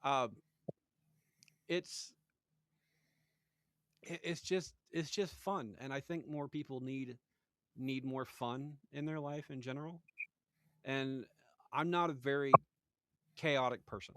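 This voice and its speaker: A man's voice: mid-range voice, slow, pauses often, a bit bright, no echo. A middle-aged man hosting a podcast, talking casually with many restarts and repeats. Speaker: podcast host. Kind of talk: casual chat.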